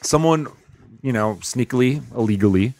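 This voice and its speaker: A man's voice: medium pitch, animated, moderate pace, a little mellow, dry recording. Brief: thirties male comic, podcast host, ranting and swearing, dry close mic. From Chicago. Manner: profane, ranting storyteller. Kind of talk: casual podcast chat.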